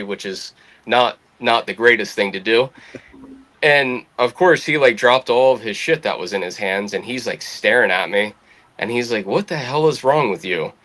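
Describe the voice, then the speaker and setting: A young adult man telling a military story as a podcast guest, casual, swearing freely, quoting others in livelier voices. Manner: lively anecdotal, swears freely, quotes others with rising pitch.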